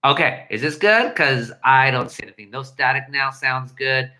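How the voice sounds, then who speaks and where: A man hosting a livestream, ranting in an animated, profane way into a headset mic. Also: mid-range voice, normal speed, poor audio. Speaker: livestream host. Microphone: headset earpiece mic.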